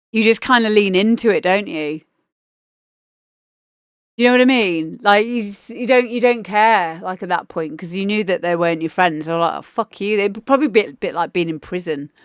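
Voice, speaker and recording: A woman's voice: medium pitch, normal speed, smooth, dry recording, clean studio sound. A woman DJ chatting casually and enthusiastically on a livestream as she reviews listeners' demo tracks, swearing now and then. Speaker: DJ giving feedback on listener demos.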